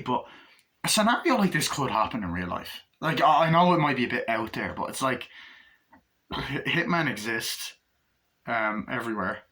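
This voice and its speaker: Bright-voiced guy rambling about a film. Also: mid-range voice, sing-song, moderate pace. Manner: rambling, profane, acts out scenes. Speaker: movie reviewer. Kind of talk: casual film review.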